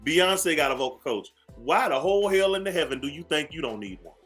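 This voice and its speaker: A man's voice: on the high side, lively intonation, fairly quick, fairly bright tone, soft background music. A man hosting a morning radio show, ranting sassily at listeners and repeating phrases for emphasis. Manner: sassy, preachy, calls listeners "baby". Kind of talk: talk radio rant.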